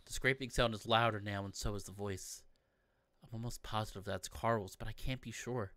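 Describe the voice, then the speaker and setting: A man's voice: fairly low pitch, steady tone, normal speed, fairly bright tone, dry recording. Man reading a visual novel aloud. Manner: playful, breaks off to joke with viewers. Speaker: let's play narrator.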